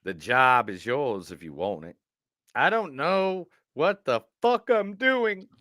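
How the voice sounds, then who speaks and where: Drawling, overdone Southern small-town characters, as a man puts them on. The tone is bright and clear, recorded close and dry with no room sound. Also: mid-range voice, animated, takes it slowly, no room sound. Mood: brash. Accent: Southern US put-on. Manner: drawling, exaggerated line readings.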